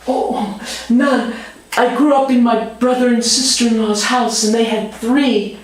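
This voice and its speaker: A woman telling a story aloud in a lively performed style, switching voices for her characters. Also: a little slow, heavy reverb, poor audio. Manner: animated, voices many characters with big pitch jumps.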